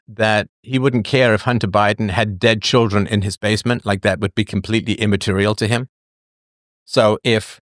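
A man with a lowish voice hosts a casual livestream monologue, reading and answering viewer comments. He's digressive and sardonic and laughs often. The recording is dry with clean studio sound.

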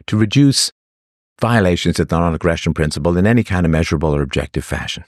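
A male livestream host with a low, fast-talking voice delivers an opinionated monologue to his chat, sarcastic and mocking throughout. The audio is studio quality with no echo.

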